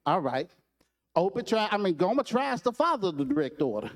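A man preaching a sermon, telling a story in a lively, repetitive way and acting out its characters. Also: sits high, fairly quick. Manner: repetitive, animated storytelling with restarts.

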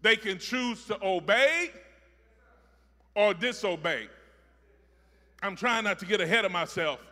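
A man preaching a sermon, repeating phrases rhythmically and building from soft talk to shouting. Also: high voice, expressive, a little slow, big-room sound.

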